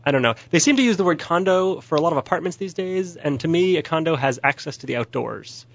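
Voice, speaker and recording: A man's voice: a little high, animated, quick pace, gravelly, dry recording. A man hosting a radio gaming talk show, bantering casually and teasing his cohost. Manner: joking, rambling, teasing cohost. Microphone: studio microphone. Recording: dry, slightly dull radio studio sound.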